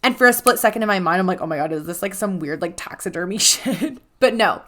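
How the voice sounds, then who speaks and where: A woman's voice: medium pitch, fast. A young adult woman tells a personal story on her podcast. She talks casually and with animation, slipping into the voices of the people in her story and filling her speech with "like.". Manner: animated, acts out quoted dialogue, frequent "like". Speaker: podcast host.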